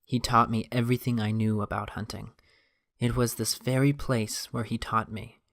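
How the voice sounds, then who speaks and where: A man reading a quiet, gentle grown man's lines in a subdued, soft tone, with little change from his own voice. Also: mid-range voice, little pitch movement, moderate pace, vocal fry, dry recording, clean studio sound. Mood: reminiscing.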